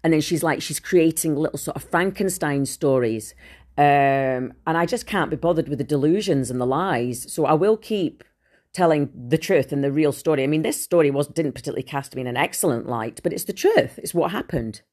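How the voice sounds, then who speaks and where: A woman's voice: deep voice, animated, brisk, a little mellow. A woman telling a personal story on her podcast, casual, blunt and full of swearing and fillers. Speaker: podcast host.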